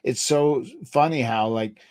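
A man's voice: mid-range voice, a little slow, a little mellow, no echo, studio quality. A man hosting a podcast, chatting casually and telling stories with quoted voices, laughing often. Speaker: podcast host, former wrestler. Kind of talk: casual chat.

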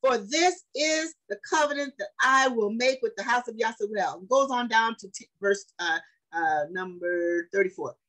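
A woman's voice: on the high side, normal speed, fairly bright tone, low-quality recording. A woman preaching a sermon, speaking emphatically, repeating phrases for weight and putting questions to her listeners.

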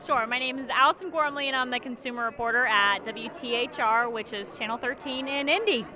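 A woman's voice: on the high side, brisk, bright, forceful tone. A woman TV consumer reporter who chats easily and explains her stories in detail. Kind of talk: casual interview.

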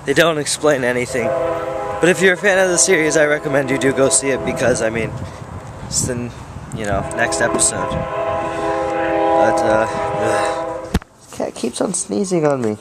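A man's voice: medium pitch, unhurried, very noisy. A young man talking offhand through a casual daily vlog, with lots of fillers, filmed on a handheld camera while out and about. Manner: rambling and offhand, with many fillers. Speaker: vlogger. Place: out and about on a phone camera, indoors and outdoors.

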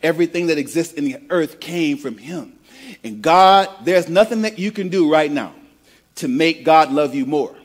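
A man's voice: on the high side, expressive, normal speed. A male pastor from the American Midwest preaching a conversational sermon, often repeating words as he builds a point and prompting the congregation to repeat phrases back. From Midwest of the United States.

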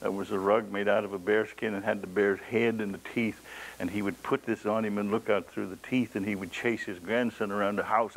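A man's voice: fairly low pitch, steady tone, a little fast, slight background noise, poor audio. A man preaching a sermon, telling stories dramatically and reading scripture aloud, his voice rising for emphasis. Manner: dramatic storytelling, voice rises for emphasis; reads scripture in old King James wording.

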